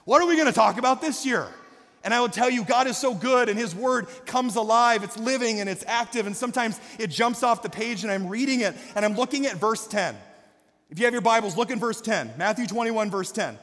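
A male pastor preaching a sermon with passion, swinging from quiet reflection to shouted calls to the congregation. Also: very high-pitched, fairly quick. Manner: impassioned, rising to shouts, calling out to the congregation. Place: church sanctuary. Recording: long hall reverb.

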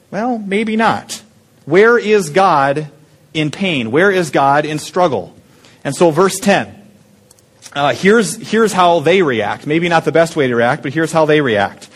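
A man's voice: a little high, lively intonation, a little slow, breathy edge. A man preaching a sermon as pastor, talking casually and putting questions to the congregation. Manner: conversational, asks the congregation questions.

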